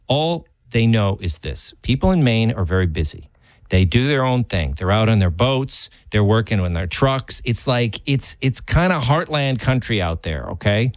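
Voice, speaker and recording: A man co-hosting a casual political chat, talking in a rambling, animated way that jumps up in pitch when he stresses a point. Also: dry recording. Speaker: co-host.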